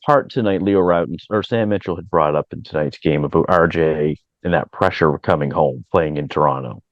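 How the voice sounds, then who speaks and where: A man with a very low voice calmly walks through a basketball lineup like a coach. His sound is dry and a little dull, with no room around it. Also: dry recording. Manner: measured, matter-of-fact analysis. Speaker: co-host, coach. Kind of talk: casual sports analysis.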